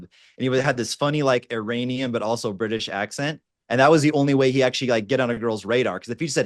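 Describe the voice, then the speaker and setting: A man working as a dating coach, telling a laid-back, animated anecdote over a video call on a panel. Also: medium pitch, brisk, no room sound, studio quality. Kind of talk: casual panel storytelling.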